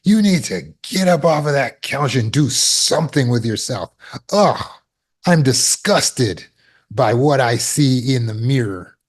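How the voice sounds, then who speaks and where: Guy putting on a nasty inner critic voice, pitched way up, sneering and disgusted, hurling insults. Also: lively intonation, measured pace. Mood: contemptuous.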